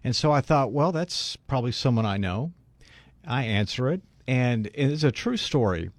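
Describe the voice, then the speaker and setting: A man co-hosting a radio talk show, telling a story in an animated way. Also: mid-range voice, moderate pace, no echo. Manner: animated storyteller, voices the people in his story. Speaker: radio co-host. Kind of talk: casual radio chat, storytelling.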